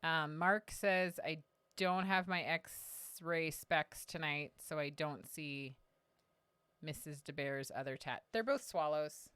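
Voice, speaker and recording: A woman with a notably low voice co-hosts a casual live chat, reading out viewer comments. She teases in a dry, deadpan manner. Her voice is close and dry. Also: slow pace, smooth, no echo.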